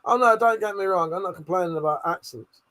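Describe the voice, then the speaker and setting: A man with a high, bright, forceful voice hosts a casual live stream at a quick pace. He answers chat in a brash, profane, teasing way and laughs often.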